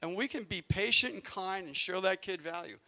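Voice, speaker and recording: A man who coaches youth sports, telling a coaching story to a community audience and acting out his own yelling from the sidelines. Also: sits high, normal speed. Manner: animated, acts out yelling in his stories. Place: arena event space.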